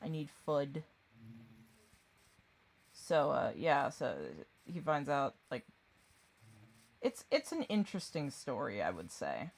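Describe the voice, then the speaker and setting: A woman's voice: deep voice, sing-song, slow, long pauses, slight background noise. A woman streaming a game, chatting casually and rambling, often distracted. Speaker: gaming streamer. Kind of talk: casual chat while gaming.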